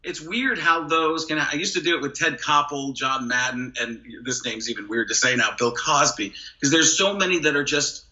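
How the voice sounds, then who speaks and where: Bright-voiced man, lo-fi podcast audio. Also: a little high, normal speed, few pauses. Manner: animated, jumps into brief celebrity impressions. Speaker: comedian and impressionist guest. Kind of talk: casual podcast chat with quick impression demos.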